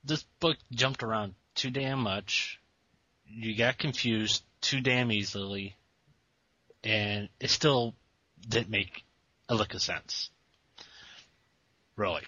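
A man talks slowly and bluntly, with a bright, tense edge, grumbling about a comic. The sound is dry and dull, with no room around it. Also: on the low side, no room sound. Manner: blunt, exasperated critic. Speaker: podcast co-host. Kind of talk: casual podcast chat.

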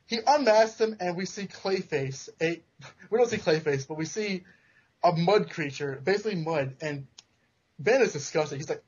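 A man with a slightly high, husky voice retells a comic book plot, jokey and full of quick restarts. The recording sounds dull and lo-fi, as on a home podcast. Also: expressive, a little mellow. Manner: joking, self-interrupting storyteller. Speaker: podcast co-host. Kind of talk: casual comic-book recap.

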